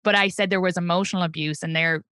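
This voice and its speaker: A woman in her thirties from Ireland, speaking with an Irish accent, appears as a comedian guest in a candid interview, telling personal stories in a blunt, profane, animated way. Her voice is lowish and smooth at a quick pace, recorded dry with studio quality.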